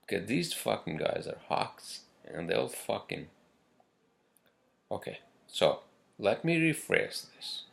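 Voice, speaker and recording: A man with a very low, gravelly voice rants his way through a casual monologue. He talks slowly and drags his words out, and he swears at nearly every turn as he hammers his points home. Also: sing-song. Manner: profane, rambling, emphatic. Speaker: podcast host.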